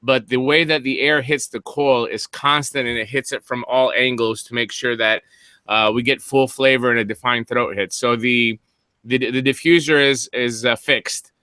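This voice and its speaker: A man's voice: mid-range voice, steady tone, normal speed, sharp tone, clear, resonant tone, no echo. A man co-hosting a casual podcast, explaining hardware in detail with some teasing banter. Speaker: co-host.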